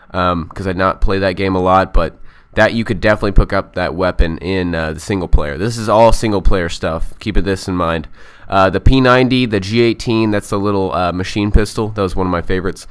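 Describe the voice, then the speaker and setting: A man's voice: on the low side, fairly bright tone, smooth. A young man giving a casual, enthusiastic and rambling recap of game news, often unsure of the details. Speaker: gaming vlogger.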